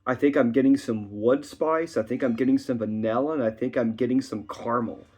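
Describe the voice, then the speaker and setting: A man's voice: medium pitch, steady tone, brisk, a little mellow, husky. Chatty man reviewing whiskey. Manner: chatty, rambling talker with frequent asides. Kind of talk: casual tasting review. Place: his home. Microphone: camera on a tripod. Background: faint classical music.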